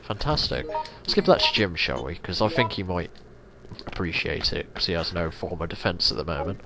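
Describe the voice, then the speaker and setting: A man's voice: sits low, normal speed. Chatty man commentating a game. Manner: chatty, rambling, lively swearing. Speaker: let's play host. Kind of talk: casual gameplay commentary. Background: game music.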